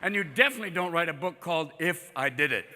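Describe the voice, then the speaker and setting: A man in his fifties doing a stand-up comedy set in a live venue, manic and profane, jumping into quick impressions. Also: fairly high pitch, expressive, bright, forceful tone, big-room sound. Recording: live crowd noise behind.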